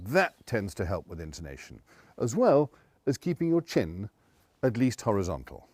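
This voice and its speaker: Man, presentation coach, low voice, very lively pitch, dry close sound. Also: no echo. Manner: conversational, animated, with quoted asides. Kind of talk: casual advice to camera.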